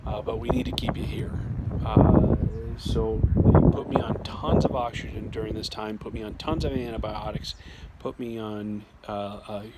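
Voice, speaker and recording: A fairly low-pitched man speaks at normal speed with fairly even intonation, sharing something that happened to him. His telling is loose and chatty, full of restarts and reenacted lines from others, and loud noise fills the background.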